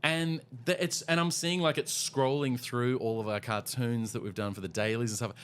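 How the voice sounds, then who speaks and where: Casual male co-host, rambling chat, mid pitch. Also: fairly even intonation, moderate pace, fairly bright tone, slight background noise. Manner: rambling, acts out quoted voices. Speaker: cartoonist podcast co-host.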